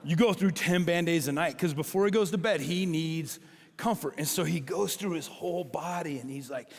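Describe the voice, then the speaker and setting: A middle-aged man preaching a sermon as a pastor, telling stories in an animated way and acting out the dialogue. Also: fairly high pitch, a little fast, creaky, in a large hall.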